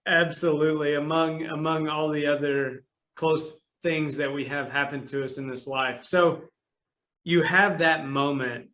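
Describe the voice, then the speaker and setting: A man's voice: fairly high pitch, steady tone, a little slow, pushed and bright. A young adult man hosting a podcast, asking brief follow-up questions in a casual way. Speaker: podcast host. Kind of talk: casual interview.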